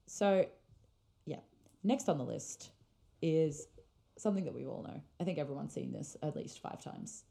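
A young woman with a low, mellow voice chats casually on a podcast. She gushes like a fan and leans on lots of fillers. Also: animated, moderate pace, creaky, pauses often. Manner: chatty, gushing fan talk with many fillers. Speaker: podcast co-host. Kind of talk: casual chat.

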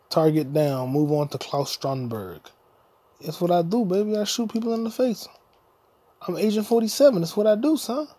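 A man's voice: high-pitched, a little mellow, husky. A man hosting a podcast, rambling through a comedic monologue and breaking into improvised scat singing. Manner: freewheeling, jumps between talk and scatted singing. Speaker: podcast host.

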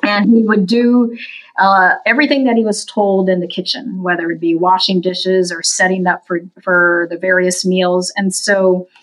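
A woman telling a story as a guest in an interview, in an earnest, unhurried way, livening it up when she quotes people. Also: rough recording. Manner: animated, voices the people in her story with big pitch jumps. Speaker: guest from a veterans' services group.

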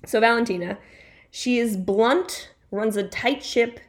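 A woman's voice: fairly high pitch, a little slow. A woman talks casually as a podcast co-host, walking through a show's characters. She is chatty and playful, often stopping to correct herself and toss in asides.

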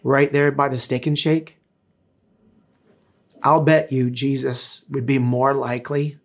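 A man's voice: mid-range voice, flat delivery, slow pace, long pauses. Earnest man preaching a casual sermon. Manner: earnest, conversational preaching with hesitations. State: tearful, emotional. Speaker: pastor.

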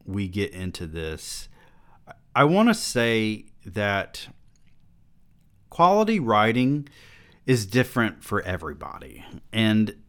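A man's voice: sits low, a bit bright. A man hosting a podcast, reviewing a novel in casual, sarcastic commentary and reading passages aloud. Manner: sarcastic, mocking. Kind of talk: casual critical commentary with read-aloud excerpts.

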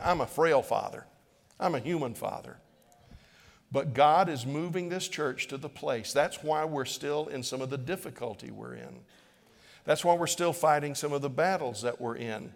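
A man's voice: medium pitch, moderate pace, vocal fry. A middle-aged male pastor preaching a sermon in a church, earnest and pleading, repeating phrases as he presses a point. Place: church sanctuary. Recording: long hall reverb.

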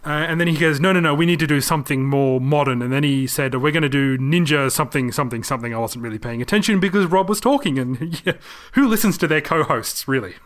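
A man's voice: a little high, fast talker. Chatty man, rambling podcast host. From Australia. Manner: rambling, self-mocking, laughs easily. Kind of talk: casual chat.

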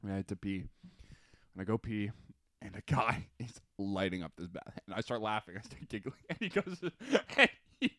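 A man's voice: fairly low pitch, expressive, moderate pace, pushed and bright, dry recording, studio quality. A young man co-hosting a podcast in casual chat, joking and giggling through a story. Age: young adult. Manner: giggly, joking, laughs hysterically. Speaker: podcast co-host.

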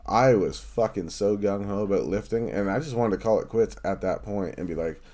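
Podcast host guy, really low voice, swears every other word, rants in casual chat. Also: brisk, a little mellow. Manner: profane, ranting, heavy swearing.

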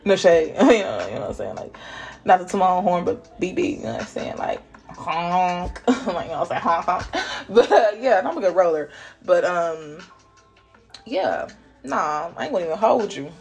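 A woman giving a casual spiritual reading, playful and laughing, dropping to whispers and jumping to loud bursts. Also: fairly low pitch, sing-song, normal speed, creaky, soft background music. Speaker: spiritual reader channeling messages. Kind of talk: casual intuitive reading monologue.

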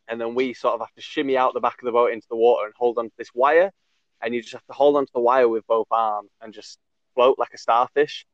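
This man hosts a casual chat as a podcaster, rambling through a story with fillers, swears and plenty of laughs. His pitch is medium, and the dull lo-fi recording has no room sound at all.

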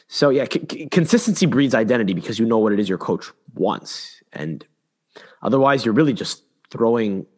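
A man's voice: mid-range voice, brisk. A man co-hosting a football podcast in casual chat, opinionated and rambling, often repeating words and restarting his sentences. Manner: opinionated, animated. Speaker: podcast co-host.

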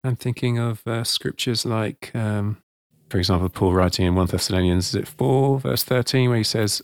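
A man hosting an interview, speaking gently, affirming his guest and asking leading questions. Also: fairly low pitch, normal speed, clear, resonant tone, no echo, clean studio sound. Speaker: host.

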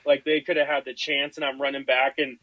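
Profane, animated male storyteller. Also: mid-range voice, a little fast, no echo, lo-fi sound. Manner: animated, profane, acts out quotes. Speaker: podcast host. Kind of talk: casual storytelling chat.

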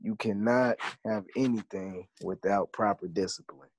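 A man's voice: on the low side, fairly even intonation, normal speed, slight background noise. A young man hosting a podcast in a hype, joking, slangy way. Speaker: podcast host. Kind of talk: casual podcast chat.

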